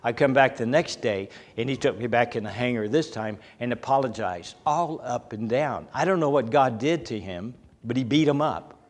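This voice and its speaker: A man's voice: mid-range voice, lively intonation, moderate pace, few pauses. An older man preaching a folksy sermon, telling personal stories with a chuckle. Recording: hall reverb.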